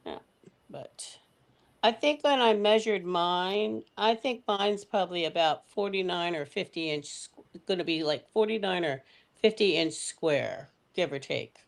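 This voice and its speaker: Slow, gravelly-voiced woman host. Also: on the low side. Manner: relaxed, reassuring, short replies. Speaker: host of a crochet live stream. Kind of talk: casual chat.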